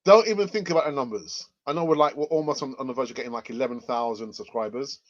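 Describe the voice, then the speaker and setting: A man's voice: medium pitch, fast talker. A man from England hosts a casual fan channel chat, rambling and repeating himself with many fillers and a cough. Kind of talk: casual live chat reading comments. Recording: muffled lo-fi audio.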